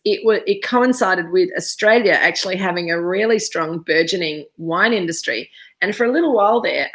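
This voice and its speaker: A woman's voice: medium pitch, a bit bright. Chatty woman hosting a video-call wine tasting. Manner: chatty, digressive, easily sidetracked. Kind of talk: casual live-streamed presentation.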